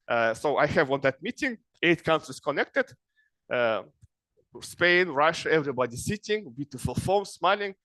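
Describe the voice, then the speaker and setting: A middle-aged man from Kazakhstan, giving an informal lecture in broken English to young people and often checking in with a quick "yes?". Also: a little high, fairly bright tone, dry recording. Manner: broken English, frequent "yes?" tag questions. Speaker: speaker advising young people.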